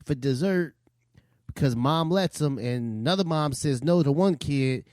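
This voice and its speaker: A man's voice: a little high, expressive, a little slow, a little mellow, dry recording, studio quality. A man co-hosting a podcast in casual, rambling chat who laughs often. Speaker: podcast co-host.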